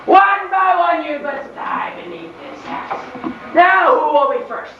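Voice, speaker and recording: A young actress plays a boy who has lost his head and rants as wicked old Bluebeard. The high voice shouts theatrical threats. It is heard from far off in a big echoey hall, muffled, with a crowd murmuring. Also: sing-song, unhurried, slight background noise. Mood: menacing. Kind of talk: school stage play.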